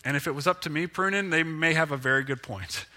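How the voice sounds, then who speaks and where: A male pastor delivers a sermon in an easy, conversational way and pokes fun at himself now and then. His voice sits a bit high and is very bright and forward. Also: fast. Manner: conversational and self-deprecating, with lively pitch swings.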